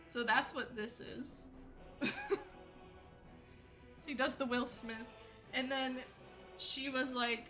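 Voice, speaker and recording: Woman streamer, bright voice, unhurried, chatty and laughing, faint music behind. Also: a little high, steady tone, poor audio. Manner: chatty, laughs often, many fillers. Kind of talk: casual storytelling to a live chat. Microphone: desk mic with ring light setup.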